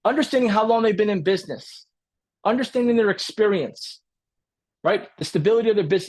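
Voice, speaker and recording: Lively, husky-voiced man coaching a webinar. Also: sits high. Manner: energetic, repeats points, asks "right?" often; acts out client dialogue in quick role-play. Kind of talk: live training webinar.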